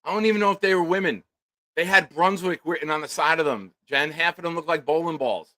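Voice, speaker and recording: A middle-aged man rants through a crude comic story, loud and animated. His voice is bright and forceful, and the sound is dry and close with no room echo. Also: on the high side, quick pace. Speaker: podcast co-host. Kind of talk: profane comedic storytelling.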